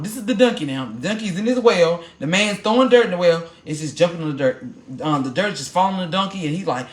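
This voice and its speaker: A woman hosting a podcast, telling a personal testimony in a live stream and preaching straight to her viewers in an animated way. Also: fairly low pitch, quick pace, roomy sound. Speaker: podcast host.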